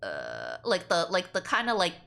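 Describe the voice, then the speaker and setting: A woman streamer chatting casually while reacting to a video, animated and quick to laugh, with lots of filler words. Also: fairly low pitch, vocal fry. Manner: animated, giggly, breaks into laughter often; chatty, heavy use of 'like'. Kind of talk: casual livestream reaction chat.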